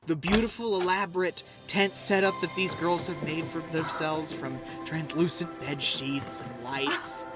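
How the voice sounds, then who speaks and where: A woman co-hosting a movie podcast, retelling scenes in animated, casual chat. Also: low-pitched, measured pace, few pauses, over music. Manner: animated storyteller, acts out scenes. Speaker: podcast co-host. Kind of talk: casual chat recapping a film.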